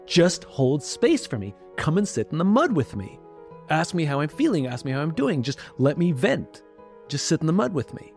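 A man talking candidly as a podcast guest, reflective and blunt, turning lively when he quotes other people. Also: a little high, moderate pace, vocal fry, faint music behind. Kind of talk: candid conversational talk.

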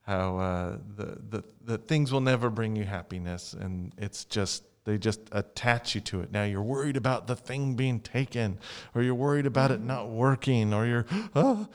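A man's voice: on the low side, moderate pace, few pauses, smooth. A man chatting casually as a podcast co-host, telling anecdotes in a loose, conversational way. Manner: chatty, laughs through his own anecdotes. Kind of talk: casual chat.

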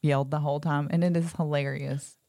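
A woman's voice: deep voice, brisk, no echo. A woman co-hosting a casual chat, telling stories and acting out chants. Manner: animated, acts out chants and quotes. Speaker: podcast co-host.

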